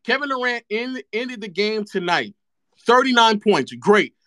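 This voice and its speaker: A man's voice: high-pitched, big pitch swings, unhurried, sharp tone, no room sound, clean studio sound. Sarcastic man ranting about basketball. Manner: sarcastic and mocking, repeats phrases for effect. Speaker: streamer.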